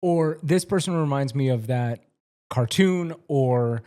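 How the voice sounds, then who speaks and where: An enthusiastic man co-hosts a relaxed chat about a TV episode. He talks freely and trusts his gut when he explains things. His voice sits at a middle pitch. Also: takes it slowly, clear, resonant tone. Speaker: podcast co-host. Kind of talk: casual chat.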